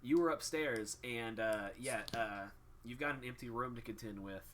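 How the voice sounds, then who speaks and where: A man's voice: medium pitch, moderate pace, fairly bright tone, a little hiss or hum. A man running a tabletop game as game master, casual and full of ums. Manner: casual, lots of ums and uhs.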